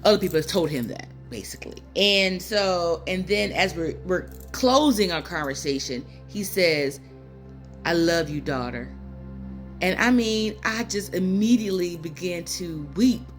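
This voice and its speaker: A woman's voice: on the low side, lively intonation, normal speed, hardly any pauses, faint music behind. A woman in her fifties speaking into her phone in a rambling, personal way, near tears, full of fillers and asides. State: tearful, near crying. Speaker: spiritual channel host. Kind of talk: casual spiritual talk to viewers.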